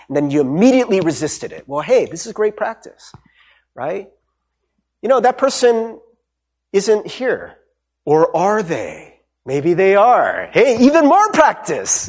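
A pastor preaching in an easy, conversational manner, a man with a somewhat husky, slightly raised voice. His pitch rises and falls freely as he drops in quick asides and light jokes between his points. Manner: conversational, warm-humored preaching with restarts and asides. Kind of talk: sermon.

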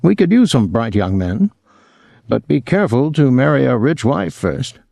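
A man's voice: medium pitch, sing-song, moderate pace, gravelly, a little mellow, no room sound, clean studio sound, voice pushed up. A man voicing a suave, condescending rich host. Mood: urbane. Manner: polished, affected, faintly pompous. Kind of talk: audiobook character voice.

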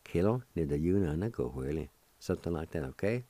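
A middle-aged man hosting a radio language lesson, patiently spelling out letters one by one and repeating each word slowly. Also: sits low, animated, mellow, no echo. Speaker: radio host teaching the language.

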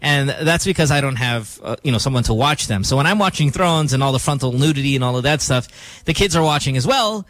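A man's voice: medium pitch, lively intonation, fairly quick, a bit bright. A man in his thirties hosting a radio morning show from the studio, rambling casually and laughing at himself. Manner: rambling and self-mocking, chuckles often. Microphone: studio microphone.

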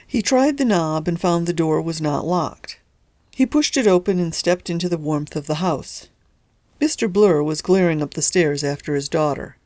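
A woman author narrating her own novella in a lively, lightly humorous storytelling manner. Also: fairly low pitch, no echo, studio quality. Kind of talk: scripted narration of a serialized story.

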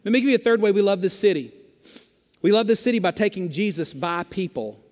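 A male pastor with a notably high voice delivers an emphatic sermon, driving points home with rhetorical questions and repetition. His voice rings out with a long reverb from a large church sanctuary. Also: expressive, fairly quick, darkish tone.

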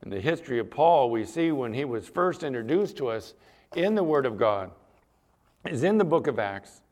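Male pastor, conversational sermon delivery, animated pitch, chatty questions to the congregation. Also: normal speed.

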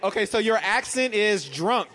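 A man's voice: high voice, animated, moderate pace, a bit bright. A man acting as judge of a party game, nagging the others playfully. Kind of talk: casual chat.

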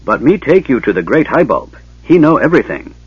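A man's voice: medium pitch, very animated, fairly quick, husky, no room sound, pitched above the performer's own voice. A man voicing a small, simple-minded female gully dwarf who talks in broken, eager baby-talk. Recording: dull lo-fi tape, dry.

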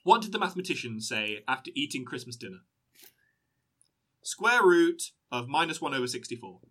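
A man's voice: mid-range voice, moderate pace. A man co-hosting a podcast, joking in casual chat. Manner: jokey, animated. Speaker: podcast co-host.

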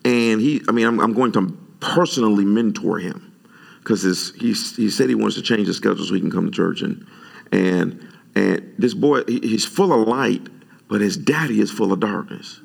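A man preaching a sermon, animated and conversational, jumping high in pitch when he retells his own words. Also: normal speed, creaky. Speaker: pastor.

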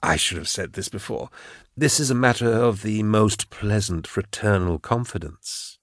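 A man voicing a smooth-talking male undercover agent in an audiobook, speaking in a quiet, sly, low-voiced way. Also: moderate pace, dry recording, studio quality, close to an everyday voice.

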